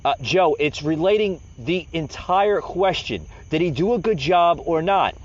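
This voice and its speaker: A man's voice: on the high side, lively intonation, measured pace, few pauses. A man hosting a podcast, delivering heated, rambling and sarcastic political commentary. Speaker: podcast host. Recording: dull lo-fi recording.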